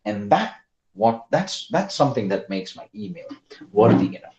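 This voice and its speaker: A man teaching an online class, quizzing his students by name in a lively way. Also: fairly low pitch, moderate pace. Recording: roomy, dull lo-fi online call audio.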